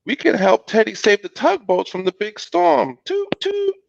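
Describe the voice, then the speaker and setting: A man voicing a small boy who is scared of storms, in a high childlike storybook voice. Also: sing-song, moderate pace, creaky, no echo, exaggerated voice. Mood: worried. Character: little boy, timid of storms. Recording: dull lo-fi video call audio.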